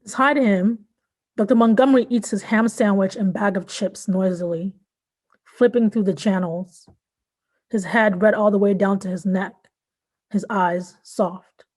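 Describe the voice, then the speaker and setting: A woman from Nigeria and Southern California reading her own fiction aloud in a measured, even way. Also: medium pitch. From born in Nigeria, raised in Southern California. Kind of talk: literary reading.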